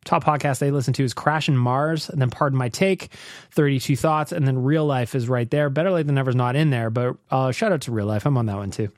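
A man's voice: medium pitch, a little fast, no room sound, studio quality. A man hosting a casual podcast, joking around and laughing often. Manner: jokey, laughs often, lively. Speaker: podcast host. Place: Edmonton.

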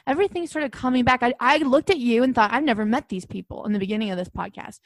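Actress as a vain, erratic female director; high-ish, bossy, abrupt non-sequiturs, dry mic. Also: quick pace, no room sound. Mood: imperious. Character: self-absorbed erratic female Hollywood director. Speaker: guest. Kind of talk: improvised comedy podcast.

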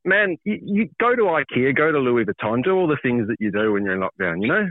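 A wry, self-deprecating Australian man from Melbourne chats down a tinny phone line. His pitch swings widely as he talks, and the sound is dry and thin. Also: sing-song, fast talker, dry recording. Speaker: guest editor on a phone call. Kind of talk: casual chat.

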